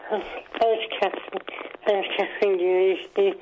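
Halting male caller with a sore throat. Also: sits high, level tone, lo-fi sound, background noise. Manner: slurred, halting speech. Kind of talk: phone-in call.

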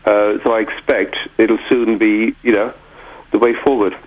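A man's voice: on the low side, flat delivery, normal speed. A man who is a police chief inspector, speaking in a hesitant way full of fillers during a radio interview on the phone. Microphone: telephone. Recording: tinny phone line.

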